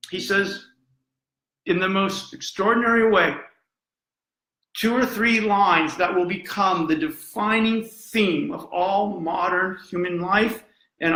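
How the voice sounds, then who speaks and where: A man's voice: high-pitched, sharp tone. A man giving an impassioned live lecture, dramatic and emphatic, repeating phrases for effect. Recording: roomy echo.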